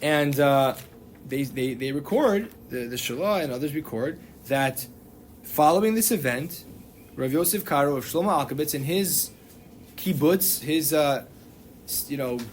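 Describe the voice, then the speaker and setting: A man's voice: on the high side, darkish tone, a little hiss or hum. Man lecturing with frequent fillers and restarts. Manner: digressive, many fillers and restarts. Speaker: rabbi teaching a class. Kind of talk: informal lecture.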